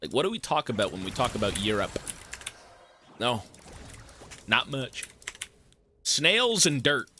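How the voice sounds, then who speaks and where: Bright-voiced joking male streamer. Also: mid-range voice, sing-song, measured pace, pauses often, a little hiss or hum. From Canada. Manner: rambling, profane, joking. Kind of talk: casual chat while gaming.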